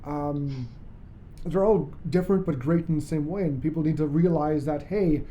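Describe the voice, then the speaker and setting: A podcast host chatting casually as an enthusiastic fan, rambling and cracking quick jokes. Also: medium pitch, dark tone, a little hiss or hum.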